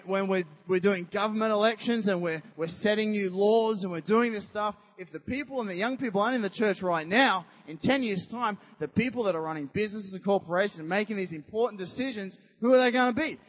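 A man preaches in a lively, chatty way, throwing questions out to the congregation. His voice sits high for a man. It rings with a long reverb from the church hall he speaks in. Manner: animated, conversational, quizzes the congregation. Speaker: pastor. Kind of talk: sermon.

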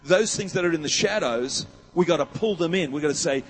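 A man's voice: a little high, lively intonation, fast talker, few pauses, husky. A man preaching a sermon, emphatic and rousing, with many rhetorical questions. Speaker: pastor. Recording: long hall reverb.

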